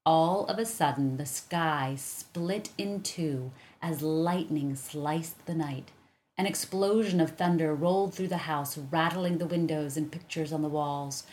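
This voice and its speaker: A woman calmly reading a children's chapter book aloud as narrator. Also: deep voice, unhurried. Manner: calm, even storytelling.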